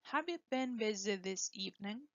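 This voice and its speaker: A woman teaching English pronunciation, slowly and deliberately modelling words for students to repeat. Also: medium pitch, animated, fairly bright tone, dry recording, muffled recording. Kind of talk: pronunciation lesson with drills.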